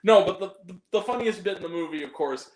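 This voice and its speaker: A man's voice: high-pitched, expressive, fast talker. A man hosting a casual chat, joking crudely and laughing often. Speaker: podcast host. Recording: roomy echo.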